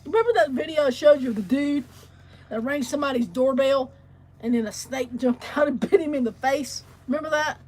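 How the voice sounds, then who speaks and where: A woman's voice: high-pitched, fairly quick, darkish tone, slight background noise. A woman co-hosting a casual livestream chat, telling stories bluntly and with plenty of swearing. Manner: blunt, profane storyteller.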